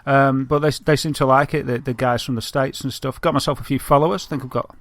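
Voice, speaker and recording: A man with a Northern English accent chats casually on a podcast, drifting through long anecdotes full of fillers and restarts. His voice sits at a medium pitch and sounds dry, with no room echo. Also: steady tone, fast, a bit bright. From Northern England. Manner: chatty, rambling storyteller with many fillers. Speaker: podcast co-host. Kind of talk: casual chat.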